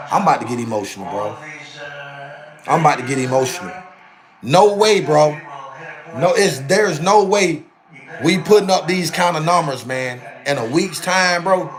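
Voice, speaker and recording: Animated man streaming, ending lines with "bro". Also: on the high side. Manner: animated, repetitive, ends phrases with "bro" and "man". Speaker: channel host. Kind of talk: casual live-stream talk to viewers.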